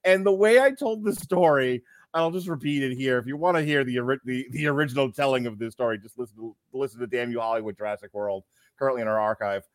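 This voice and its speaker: A man's voice: mid-range voice, fast, no echo. A middle-aged man hosting a podcast, telling stories in loose, rambling casual chat. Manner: loose, rambling storytelling, laughs a lot. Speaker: podcast host.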